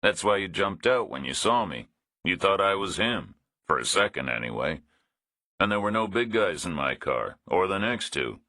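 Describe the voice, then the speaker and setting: A male narrator playing a big, laconic drifter who talks in a calm, dry, matter-of-fact way. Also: deep voice, moderate pace, vocal fry, no room sound, heavily acted.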